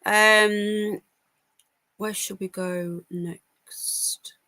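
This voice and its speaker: Tired uk woman doing a home news livestream, bright voice, dry close sound, opinionated and chatty. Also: medium pitch, little pitch movement, drawn-out words, no room sound. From United Kingdom. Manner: chatty, opinionated, reacting to chat comments. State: tired, yawning. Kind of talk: casual live-stream commentary.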